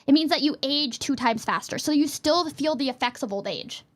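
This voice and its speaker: High-voiced playful young woman streamer. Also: animated. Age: young adult. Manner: playful, rambling, quick jokey asides. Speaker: VTuber streamer. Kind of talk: casual chat with live stream chat.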